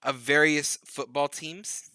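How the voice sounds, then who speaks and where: Rich: A chatty male streamer with a very bright, sharp tone, rambling through anecdotes as he plays. His voice sounds close and dry, with no room echo. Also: on the high side, fairly even intonation, slow pace, smooth. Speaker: streamer host. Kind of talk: casual gaming chat.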